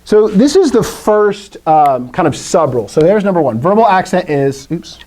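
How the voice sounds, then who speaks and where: During a live Greek lesson, a male teacher explains with a pitch that rises and falls widely. His voice is warm and mellow, and he playfully, animatedly quizzes the class at a moderate pace. The recording quality is low.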